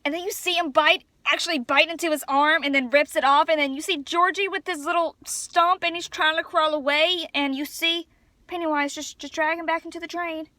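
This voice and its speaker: A woman talking casually into her phone camera as a vlogger, chatty and rambling as she gets excited. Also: very high-pitched, a little fast, no room sound. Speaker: vlogger reviewing a film. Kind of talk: casual chat.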